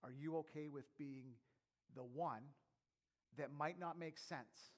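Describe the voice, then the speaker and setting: A middle-aged pastor preaching a sermon, moving between quiet, close asides and loud, emphatic calls. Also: male voice, a little high, takes it slowly.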